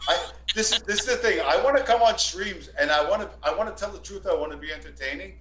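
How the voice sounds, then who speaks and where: A man's voice: high voice, fast talker, fairly bright tone. A man telling a long, rambling, profane story on a stream, repeating and restarting himself often. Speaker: stream guest. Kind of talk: casual storytelling. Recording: echoey room with faint hum.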